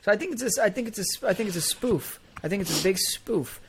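A man's voice: high voice, expressive, fast, vocal fry, slight background noise. A man co-hosting a podcast, joking and swearing through hot takes. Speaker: podcast co-host. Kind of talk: casual chat.

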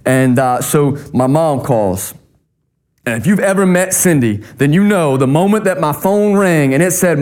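Pastor guy, kinda high voice, chatty funny sermon stories. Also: animated, unhurried, darkish tone. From North Carolina. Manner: conversational storytelling, humorous.

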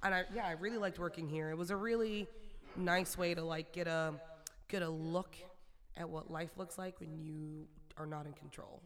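A woman's voice: on the low side, fairly even intonation, normal speed. A woman co-hosting a podcast in a candid, chatty way, swearing freely. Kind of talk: casual chat.

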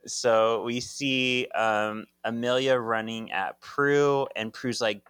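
A young man co-hosting a podcast, retelling a comic in casual chat, animated and laughing often. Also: medium pitch, slow, smooth, no echo. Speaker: podcast co-host.

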